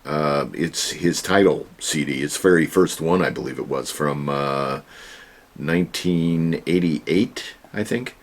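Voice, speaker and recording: An online reseller and channel host speaks in an extremely low, unhurried voice. He's hosting a casual home vlog from his storage room, chatting in a folksy way and tossing in joking asides.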